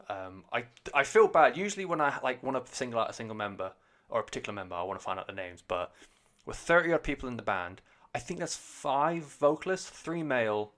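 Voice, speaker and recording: Man, somewhat low pitch, casual podcast review, rambling, swears a lot, many fillers. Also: a bit bright. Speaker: podcast host, music reviewer. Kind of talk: casual solo album review.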